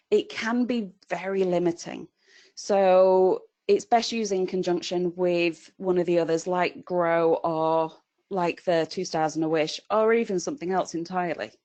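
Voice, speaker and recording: A woman's voice: on the low side, darkish tone. A woman, presenting a webinar in a conversational way and telling a personal story to make her point. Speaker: webinar presenter on call centre coaching.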